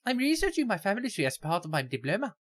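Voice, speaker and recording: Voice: medium pitch, very animated, racing, no echo, clean studio sound, pitched above the performer's own voice. A game player reading the lines of a young woman history student in a put-on, stereotypical Irish accent. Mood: polite. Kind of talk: voicing game dialogue while playing.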